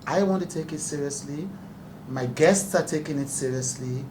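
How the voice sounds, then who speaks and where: At a press conference, a male talk show host speaks with earnest emphasis and laughs often, his voice slightly high and his pace normal. Background noise, room echo, and a distant microphone mark the audio.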